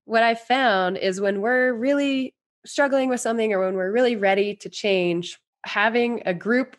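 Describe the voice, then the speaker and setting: A woman's voice: a little high, normal speed. A woman guest on a podcast, talking earnestly and at length in a rambling, casual way. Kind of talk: casual interview chat.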